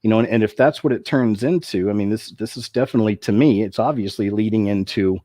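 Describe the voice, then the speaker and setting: A man's voice: lowish voice, fast, warm tone, no room sound, studio quality. A man hosting a commentary video, talking in a rambling way with many restarts and asides.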